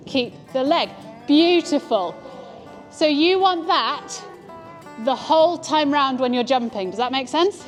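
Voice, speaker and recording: A woman's voice: sits high, a little slow, soft background music. Woman coaching from a riding arena. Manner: encouraging, calm instructions. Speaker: riding instructor. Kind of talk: coaching a rider.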